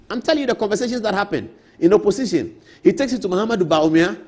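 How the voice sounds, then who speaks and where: Fast, lively Ghanaian man on TV. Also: high voice. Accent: Ghanaian English. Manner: emphatic, repeats key points, storytelling asides. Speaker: political commentator. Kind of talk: animated TV political commentary. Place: TV studio.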